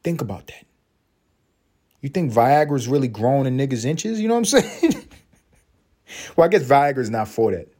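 Solo podcast comic, man, lively swooping pitch, crude and rambling, breaks into put-on voices. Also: moderate pace, long pauses. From Puerto Rico. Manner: crude, rambling, animated, slips into mocking voices and laughs. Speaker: podcast host. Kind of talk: solo comedic monologue.

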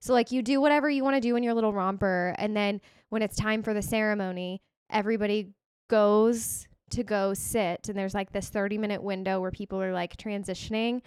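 A woman co-hosting a podcast, talking in a chatty, animated way full of "like". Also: mid-range voice, brisk, clear, resonant tone, dry recording, studio quality. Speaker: podcast co-host. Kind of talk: casual chat.

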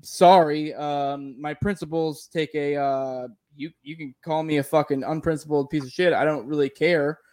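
A man's voice: on the high side, steady tone, normal speed, hardly any pauses, darkish tone, no echo, studio quality. A man, a military veteran, talking frankly and with plenty of swearing in a casual conversation. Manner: frank, profane, rambling. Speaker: podcast host, military veteran.

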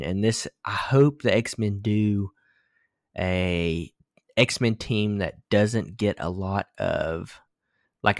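A man's voice: fairly low pitch, no echo, studio quality. A young man co-hosting a podcast, talking in a loose, rambling way and swearing casually. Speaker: podcast co-host. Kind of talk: casual chat.

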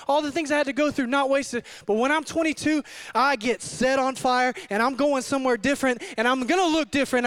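Male pastor, very high voice, fervent sermon, hushed to shouting.

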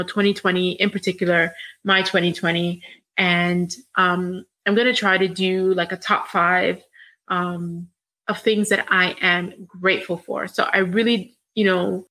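A woman hosting a solo podcast from her home, chatting in a rambling, warm and candid way. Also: lowish voice. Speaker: podcast host. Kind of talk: solo reflective podcast chat.

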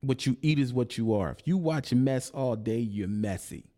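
Man, 30s, rough gravelly voice, taunting preachy commentator. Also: medium pitch, expressive, moderate pace, mellow. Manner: preachy, taunting, repeats himself. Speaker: online commentator. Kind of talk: confrontational monologue.

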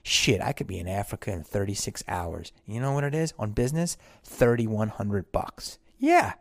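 A man's voice: lowish voice, expressive, moderate pace, no echo, clean studio sound. A man who is an actor and podcast host, delivering a blunt, profane, rambling monologue in casual talk. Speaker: actor on tour.

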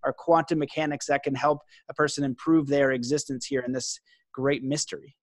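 A man's voice: medium pitch, fairly even intonation, fairly quick, dry recording, clean studio sound. A man hosting a podcast interview, talking in a rambling, enthusiastic way with many fillers and restarts. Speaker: podcast host. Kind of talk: casual interview chat.

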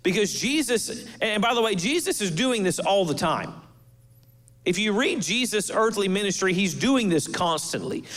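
A man with a high voice preaching a sermon. He sets his points apart with emphatic pauses and lets his pace swing between slow and quick as he talks to his church. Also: sing-song, a bit bright. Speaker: pastor.

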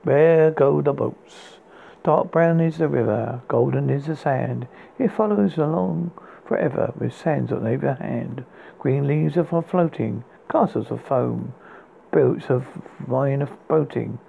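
A man's voice: mid-range voice, measured pace, creaky. A man hosting a podcast, reading poems aloud and often stumbling and restarting words. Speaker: podcast host. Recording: tinny phone-like sound with faint hiss.

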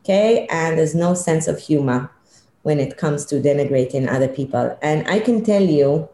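A middle-aged woman, a leadership consultant, telling a personal story in an interview, animated and emphatic. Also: low-pitched, normal speed. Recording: echoey room.

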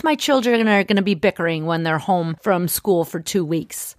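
A middle-aged woman and life coach hosting her podcast, talking in an encouraging, gently persuasive way. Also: on the low side, normal speed, hardly any pauses, no echo, clean studio sound. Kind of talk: podcast monologue.

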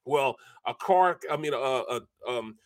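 A man co-hosting a sports talk show, a former player telling animated stories and imitating sounds. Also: medium pitch, unhurried. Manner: animated, repeats "bro" and "man", mimics sounds. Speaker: co-host, former football player. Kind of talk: casual sports talk storytelling.

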